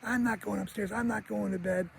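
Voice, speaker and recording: A man voicing a young boy who whines indignantly in a high voice. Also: fairly even intonation, a little fast, vocal fry, a little hiss or hum. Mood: defiant.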